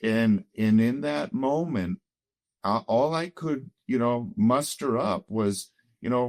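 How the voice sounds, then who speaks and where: A middle-aged man shares a personal testimony in a conversation, earnest and reflective, often pausing with "you know." His voice sits at an ordinary pitch and the recording is close and dry. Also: darkish tone, no echo. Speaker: guest telling his marriage story.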